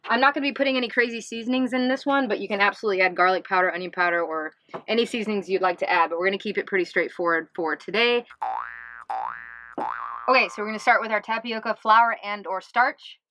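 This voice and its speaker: A woman's voice: medium pitch, fast talker, pushed and bright, a little hiss or hum, rough recording. A woman hosting a casual cooking vlog as a plant-based chef, upbeat and chatty, from the US East Coast.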